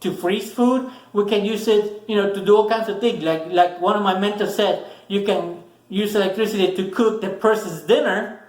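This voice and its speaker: A man's voice: sits high, moderate pace, echoey room, rough recording. A man giving a casual, earnest motivational talk to camera, repeating words for emphasis. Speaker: motivational vlogger.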